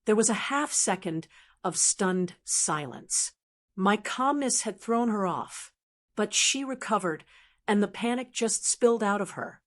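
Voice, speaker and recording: An older woman narrating a first-person audiobook story in a calm, measured, steady way. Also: mid-range voice.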